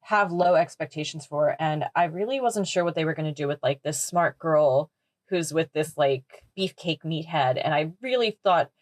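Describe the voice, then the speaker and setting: A woman's voice: low voice, normal speed, no echo. A woman co-hosting a podcast, talking through a horror film in a thoughtful, analytical way. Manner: thoughtful, analytical, laughs easily. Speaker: podcast co-host. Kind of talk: casual film discussion.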